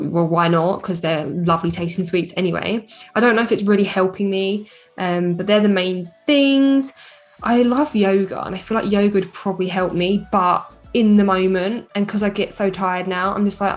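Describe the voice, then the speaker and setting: A young woman chatting frankly and a little wearily to camera in a casual vlog. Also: medium pitch. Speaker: vlogger. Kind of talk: casual chat.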